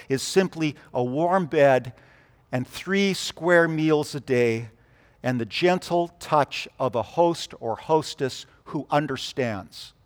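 High-voiced pastor preaching in a hall. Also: male voice. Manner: storytelling, shifts between hushed and emphatic. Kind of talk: sermon.

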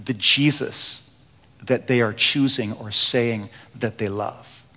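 A man preaching a sermon in a church, telling stories earnestly, dropping to a hush and then building with emphasis. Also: medium pitch, fairly even intonation, takes it slowly, creaky, a little hiss or hum. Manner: earnest storytelling preacher, swings between hushed and rising emphasis. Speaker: pastor. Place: church sanctuary. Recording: long reverb of a large hall.

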